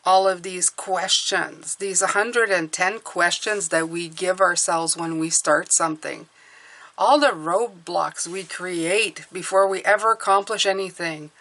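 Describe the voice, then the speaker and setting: A woman's voice: fairly low pitch, measured pace, a bit bright. A woman reading tarot cards for her viewers, talking earnestly and encouragingly, often checking in with "okay?". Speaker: tarot reader.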